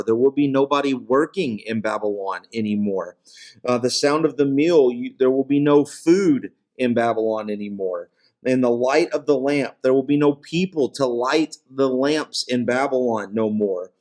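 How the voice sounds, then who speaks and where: A man teaching through a Bible chapter verse by verse in a relaxed, conversational way, with many fillers and check-ins, and his voice drops low on solemn lines.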